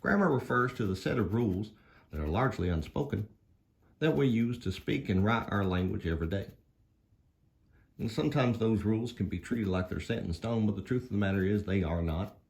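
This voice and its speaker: A man's voice: lowish voice, lively intonation, a little fast, a little mellow. A man voicing a folksy male dog grammar professor, giving an easygoing puppet-show lesson. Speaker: teacher.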